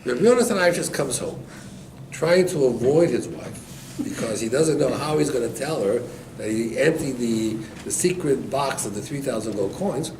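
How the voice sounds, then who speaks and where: Animated rabbi telling a story, echoey. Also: male voice, medium pitch, moderate pace. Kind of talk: storytelling Torah class. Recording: echoey room, distant mic, background noise.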